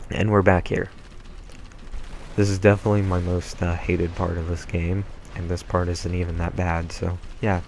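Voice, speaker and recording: A let's play gamer with a low-pitched voice rambles through casual gameplay commentary, drifting into tangents with plenty of ums and uhs. The audio is poor, recorded on a home mic with clear background noise.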